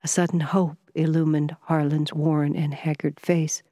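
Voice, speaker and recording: A woman narrating a classic novel in scripted, steady storytelling. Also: low-pitched, a little slow, few pauses, dry recording, studio quality. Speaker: audiobook narrator.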